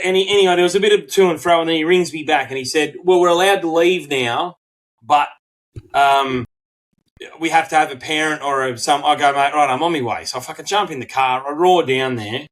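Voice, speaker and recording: A middle-aged Australian man co-hosting a podcast, telling a story in casual chat, swearing freely and acting out quotes in animated bursts. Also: a little high, low-quality recording. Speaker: podcast co-host.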